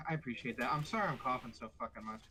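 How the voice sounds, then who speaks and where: Young man from Pennsylvania, mid-pitched, rambling foul-mouthed gamer chat. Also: bright, forceful tone, a little hiss or hum, rough recording. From Pennsylvania, USA. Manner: rambling, heavy swearing, fillers like "like". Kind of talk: casual chat while gaming.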